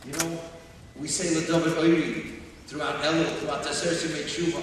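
High-voiced man preaching in an echoey hall. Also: flat delivery, fairly quick, distant mic, a little hiss or hum. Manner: emphatic, builds to shouting. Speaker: guest speaker. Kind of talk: sermon.

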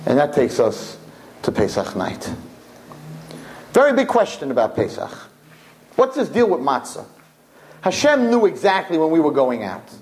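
A man, a rabbi, giving a Torah lesson and telling a parable in an animated way, often asking "right?". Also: on the high side, normal speed, long pauses. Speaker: rabbi teaching students.

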